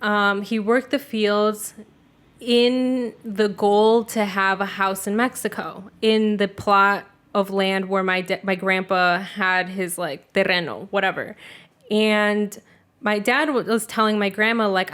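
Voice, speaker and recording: A woman's voice: mid-range voice, little pitch movement, slow, fairly bright tone. A young woman co-hosting a podcast, telling a family story in a loose, casual way, full of 'like' and swearing. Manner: loose and profane, heavy use of 'like'. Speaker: podcast co-host.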